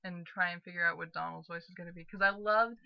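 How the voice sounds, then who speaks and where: A woman's voice: on the low side, steady tone, fast, vocal fry, no room sound, lo-fi sound. Chatty young woman rambling over a game. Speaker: let's play host. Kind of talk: casual gaming commentary.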